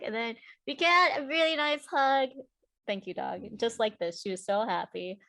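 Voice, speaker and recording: A woman chatting at home on a video call as an interview guest, telling lively stories and acting out what people said. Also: high-pitched, normal speed. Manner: animated storyteller, acts out quotes. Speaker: guest cosplayer. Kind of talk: casual interview chat.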